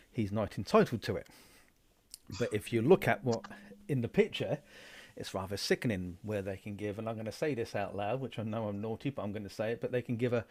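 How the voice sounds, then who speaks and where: A man's voice: lowish voice, darkish tone. A man making a casual, outspoken fundraising appeal on a live stream, with frequent hesitant fillers. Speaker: station organiser.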